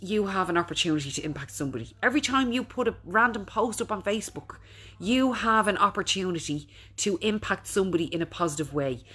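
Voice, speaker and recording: A woman's voice: mid-range voice, fairly bright tone, husky. A middle-aged Irish woman chatting casually on a live stream, reading out viewers' comments and encouraging them. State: recovering from being unwell. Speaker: business owner hosting a Facebook live.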